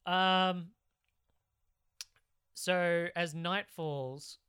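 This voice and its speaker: A man's voice: high-pitched, fairly even intonation, very slow, pushed and bright, smooth. A man co-hosting a casual chat, recapping a film plot with sarcastic asides. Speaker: podcast co-host.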